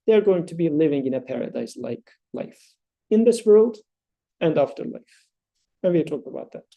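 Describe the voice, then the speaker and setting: A man leading a study circle, explaining scripture thoughtfully with halting pauses and fillers, and chanting verses in between. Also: a little high, lively intonation, vocal fry, dark tone.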